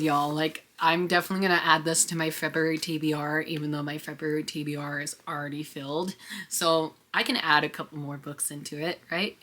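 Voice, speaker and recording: Bubbly young woman with a bright voice. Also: low-pitched. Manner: bubbly and excitable, with frequent laughs. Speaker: book vlogger. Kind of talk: casual book haul vlog.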